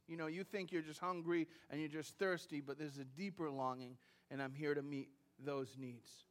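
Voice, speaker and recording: A man's voice: a little high, fairly even intonation, moderate pace, hardly any pauses. A man preaching a sermon in a conversational way, with asides and self-deprecating humor, often repeating phrases and restarting as he builds his points. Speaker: pastor.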